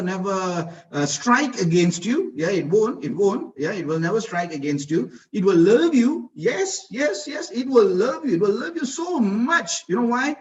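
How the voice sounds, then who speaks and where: A man giving an enthusiastic live online slide presentation, repeating himself and asking the audience rhetorical questions. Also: high-pitched. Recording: dull lo-fi online audio.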